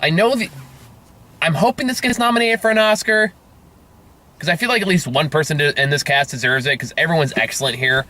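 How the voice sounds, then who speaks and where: A man's voice: on the high side, brisk, sharp tone. A man reviewing a movie in casual chat, rambling and swearing freely, laughing often.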